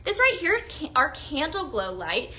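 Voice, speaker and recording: Upbeat young woman presenter, high bright voice, live product demo, faint noise behind. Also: wildly swooping pitch, normal speed. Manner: upbeat, gushing, chatty with viewers. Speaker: home fragrance product presenter. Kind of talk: live sales demonstration.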